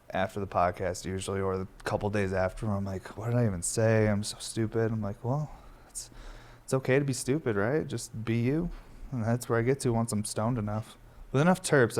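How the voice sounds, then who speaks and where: A young man hosting a podcast, rambling in a laid-back way with lots of swearing. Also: on the low side. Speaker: podcast host. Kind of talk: casual stoner podcast chat.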